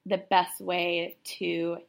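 A woman's voice: lowish voice, little pitch movement, drawn-out words, creaky. A woman co-hosting a casual political chat podcast, talking emphatically with lots of "like" fillers. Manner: emphatic, filler-heavy with frequent "like". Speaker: podcast co-host.

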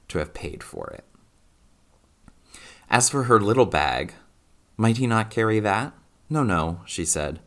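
A man narrating a classic novel aloud in a measured, expressive reading. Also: low voice.

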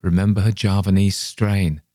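A man's voice: deep voice, steady tone, moderate pace, mellow, dry recording, clean studio sound, natural voice. A man voicing a grim male storyteller who recounts a horror with ghoulish relish.

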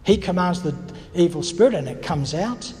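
High-pitched guy preaching, teacherly and reflective, lots of questions, big echoey hall. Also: animated, normal speed, dark tone. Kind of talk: sermon.

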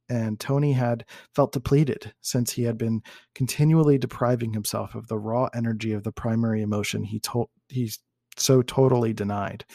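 A man hosting a teaching talk, reading a case study aloud in a measured, explanatory way and sometimes correcting himself. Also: medium pitch, gravelly, darkish tone, no echo, clean studio sound. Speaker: host and teacher.

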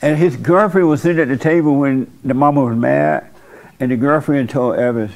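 A man's voice: medium pitch, moderate pace, vocal fry, a little mellow. A man hosting a church talk show, telling stories in a folksy, blunt preaching manner. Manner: folksy storytelling with blunt opinions. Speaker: host and pastor. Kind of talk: casual preaching chat.

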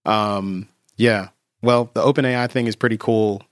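A man co-hosting a podcast, chatting in a dry, wry, deadpan way. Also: lowish voice, moderate pace, dry recording. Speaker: podcast co-host. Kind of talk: casual chat.

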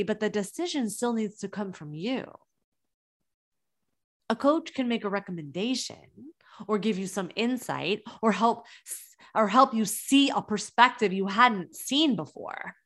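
A woman's voice: a little high, bright, forceful tone. A woman in her thirties, a business coach, talking earnestly and encouragingly in a motivational monologue. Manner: earnest and encouraging, with emphatic restarts.

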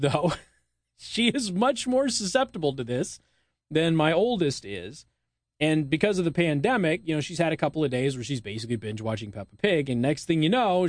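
A man from the United States hosts his radio show, talking in a loose, chatty way with little asides. His voice sits a bit higher than most men's, and the studio sound is close and dry with no room echo. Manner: chatty and conversational, with asides and small laughs. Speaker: radio talk show host. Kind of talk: casual talk radio monologue. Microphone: studio microphone.

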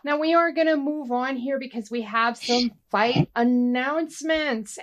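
A woman with a slightly high voice hosts a casual fight-sports chat. She leads the segments and gives firm opinions. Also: animated, takes it slowly, hardly any pauses. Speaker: MMA podcast host.

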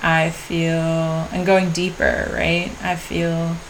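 Slow, introspective woman with a low voice. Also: flat delivery, slight background noise. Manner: slow, introspective, with pauses and restarts. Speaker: podcast host. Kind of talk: reflective personal diary monologue.

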